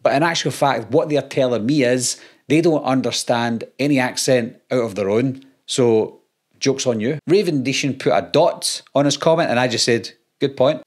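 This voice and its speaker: Dry-humored Scottish man. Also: medium pitch. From Scotland. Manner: dry, sarcastic comebacks. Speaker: YouTuber. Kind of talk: casual talk reading out comments.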